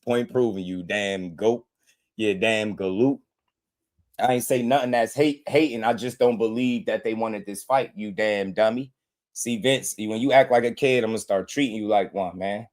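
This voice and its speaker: Mocking, laughing boxing stream host. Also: male voice, lowish voice, steady tone, moderate pace. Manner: mocking, trash-talking viewers with frequent laughs; addresses chat directly, repeating names and taunts. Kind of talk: live-stream chat reaction.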